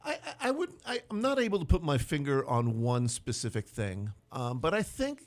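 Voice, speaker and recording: A man, a city manager speaking as a radio interview guest, measured and candid with dry sarcastic asides. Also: a little high, big pitch swings.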